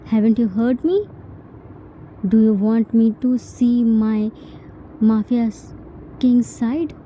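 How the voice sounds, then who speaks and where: A woman's voice: on the high side, slow, lo-fi sound, a little hiss or hum. A woman voicing a stern middle-aged mafia boss father who gives harsh commands.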